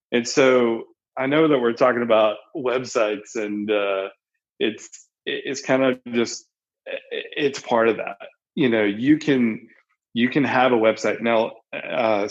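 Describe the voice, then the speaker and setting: On a podcast, a man chats casually and tells animated, rambling stories packed with fillers and restarts. His voice is medium-pitched and the audio sounds dull.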